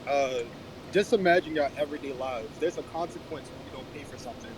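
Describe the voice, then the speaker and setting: Male caller, quick matter-of-fact delivery, clear noise behind. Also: mid-range voice. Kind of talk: casual chat. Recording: noisy background.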